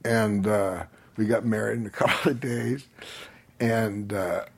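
A man telling a long personal story in casual chat, rambling and animated, often laughing as he talks. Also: fairly low pitch, measured pace, creaky, husky.

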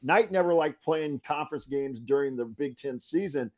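A man's voice: on the high side, moderate pace, a little mellow. A man hosts a casual sports chat in a slightly raised voice. He is chatty and keeps jumping in with questions from the chat. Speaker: podcast host.

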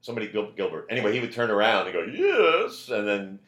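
Deep-voiced man telling a story. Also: rapid-fire, roomy sound. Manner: loud, animated when quoting others. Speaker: comedian guest. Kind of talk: casual storytelling chat.

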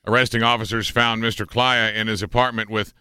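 A man co-hosting a radio show, reading odd news stories in a wry, deadpan way amid casual banter. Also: fairly low pitch, fairly quick, clear, resonant tone, no room sound, clean studio sound.

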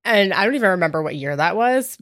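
A woman co-hosting a podcast in casual chat, relaxed and trailing off. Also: mid-range voice, quick pace, dry recording, studio quality. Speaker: podcast co-host.

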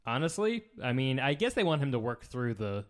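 Casting: easygoing male co-host, mid-pitch, dry humor, casual sports talk. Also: big pitch swings, a little fast. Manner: laid-back, dry jokes, does impressions. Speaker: podcast co-host.

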